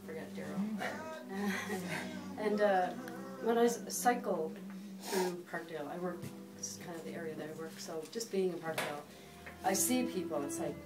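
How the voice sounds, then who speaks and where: Woman softly remembering a friend, echoey. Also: fairly low pitch, moderate pace. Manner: reflective, earnest, hesitant. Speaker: friend speaking at a memorial. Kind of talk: heartfelt personal remembrance. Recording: roomy, distant, loud music behind.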